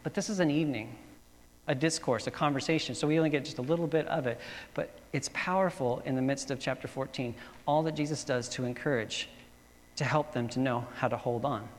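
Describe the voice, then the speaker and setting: A man's voice: medium pitch, fairly quick, in a large hall. A man preaching a sermon as pastor, telling stories in a casual way with many fillers and restarts.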